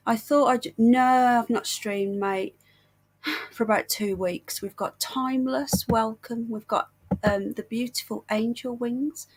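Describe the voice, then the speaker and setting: Brief: British woman livestream host, husky voice, under the weather and breathless, warm endearments. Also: a little high, fairly even intonation, takes it slowly. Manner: chatty, affectionate, greets viewers with endearments. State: unwell, short of breath. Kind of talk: casual livestream chat.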